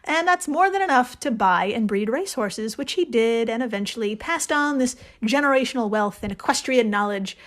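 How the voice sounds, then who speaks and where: A woman's voice: fairly high pitch, expressive, moderate pace, few pauses. A woman hosting a podcast, telling a story in casual chat, laughing and swearing as she goes. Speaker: podcast host.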